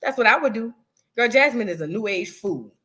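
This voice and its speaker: With a fairly high, fairly bright voice, this livestream host talks expressively and fairly quickly. She's chatty and sassy on her casual stream, reading out super chats, thanking viewers and addressing them as "girl" and "boo."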